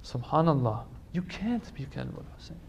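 A man's voice: fairly high pitch, sing-song, normal speed, gravelly, slight background noise. A man giving a religious lecture to a congregation, emphatic, repeating phrases for stress and pleading directly with his listeners.

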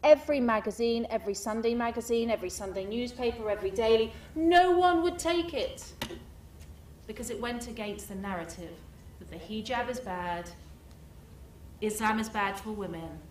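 Animated woman telling stories. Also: a little high, moderate pace, recorded from a distance, slight background noise. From United Kingdom. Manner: animated storyteller, mimics voices, rhetorical questions. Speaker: speaker giving a talk. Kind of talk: speech to an audience.

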